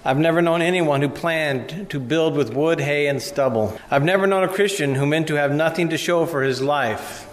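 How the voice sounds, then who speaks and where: A man's voice: a little high, normal speed, few pauses. A male pastor giving a conversational sermon in a church and reading scripture aloud. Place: church sanctuary. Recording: reverberant church hall.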